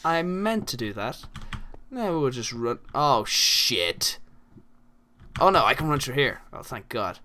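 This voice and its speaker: A man's voice: mid-range voice, very animated, normal speed, pushed and bright, slight background noise. An Irish man giving casual, rambling commentary while playing a game, full of crude jokes and asides. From Ireland. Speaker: gaming channel host.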